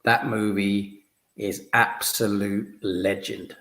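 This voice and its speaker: A man's voice: on the low side, little pitch movement, takes it slowly, sharp tone. A man hosting a podcast in casual chat, enthusiastic, often stumbling and repeating words. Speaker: podcast host. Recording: echoey room.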